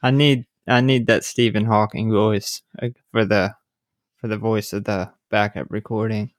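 A man's voice: lowish voice, steady tone, moderate pace, no room sound. A man co-hosting a podcast in casual chat, earnest and often repeating words as he thinks, close on a podcast microphone. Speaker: podcast co-host. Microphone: studio podcast mic.

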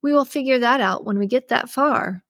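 A woman reading aloud lifts her voice into a keen young detective, raised well above her own pitch and pressing every point. The sound is close and dry, with no room around it. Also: normal speed, a bit bright, no echo, natural voice. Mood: insistent. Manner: eager and insistent. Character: determined young female detective, excitable.

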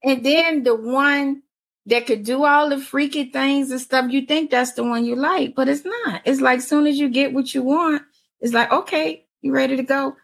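A woman in her forties telling stories in a casual chat, animated and often laughing. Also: high-pitched, normal speed. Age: 40s. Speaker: panelist.

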